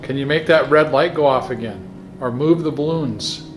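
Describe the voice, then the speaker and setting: Hushed ghost-hunting man calling out. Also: a little high, moderate pace, faint music behind. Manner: hushed, often whispering, calling out to spirits. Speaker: paranormal investigator. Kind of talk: ghost hunting vlog commentary. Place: cold dark basement of an old hospital.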